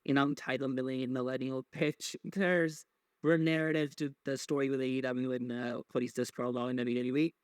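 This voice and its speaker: A man of middle pitch talks loosely, wandering through his points and dropping curse words along the way. He stumbles over his words, restarts sentences and leans on filler words. The sound is dry and close, with no room around it. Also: flat delivery, normal speed, smooth, no echo. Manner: rambling, profane, with many fillers and restarts. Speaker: podcast host. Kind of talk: casual wrestling recap chat.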